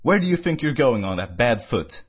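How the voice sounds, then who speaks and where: A man voicing a stern, insistent young woman fussing over a guest in a read-aloud fan story, in a husky voice. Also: medium pitch, very animated, brisk. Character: bossy caring young woman host.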